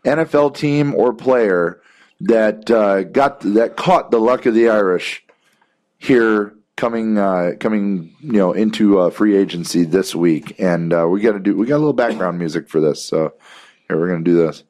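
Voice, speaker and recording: A man hosting a casual sports talk show, speaking in a measured way with many hesitant fillers. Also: on the low side, darkish tone. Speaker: sports radio host.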